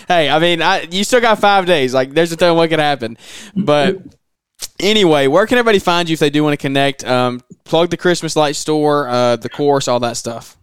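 A man with a Southern US accent hosting a podcast, relaxed and halting, with many fillers. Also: on the high side, clear, resonant tone, no room sound, clean studio sound. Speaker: podcast host. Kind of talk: casual interview chat.

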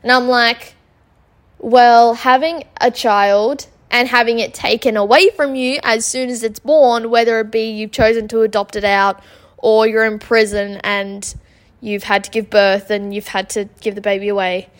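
A woman's voice: a little high, little pitch movement, moderate pace. A young woman, hosting a solo podcast and retelling an argument in an exasperated, chatty way with lots of ums and likes. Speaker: podcast host.

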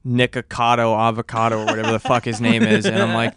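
A man's voice: mid-range voice, very animated, fast talker, a bit bright. A young man co-hosting a podcast, blunt and teasing, swearing freely in casual chat. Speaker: podcast co-host.

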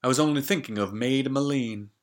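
A man voicing a gentle, secretive young maiden. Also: mid-range voice, a little fast, voice pushed up, lightly acted. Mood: wistful. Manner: soft archaic rhyming lines.

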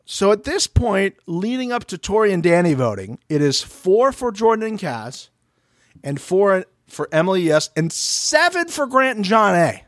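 A man co-hosting a podcast recaps a reality show in relaxed conversation, animated and profane, acting out people's quotes. His voice is high and his pace moderate, recorded dry with clean studio sound.

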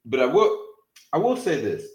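A man co-hosting a casual sports podcast, talking in an animated, emphatic way and sometimes searching for words. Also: medium pitch, moderate pace, reverberant, rough recording. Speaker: podcast co-host.

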